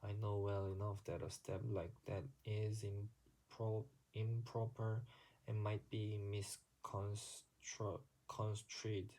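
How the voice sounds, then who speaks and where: A man reading a literary story aloud, haltingly, with frequent slips and restarts. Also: lowish voice, level tone, mellow, low-quality recording. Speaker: reader.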